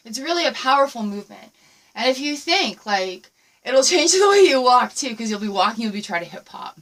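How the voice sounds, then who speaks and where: A woman's voice: on the high side, expressive, normal speed, a bit bright. Upbeat woman dance teacher, a bit distant. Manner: upbeat, encouraging, counts moves aloud. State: a little out of breath. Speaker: dance instructor. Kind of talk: home dance lesson video. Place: room at home with a squeaky floor.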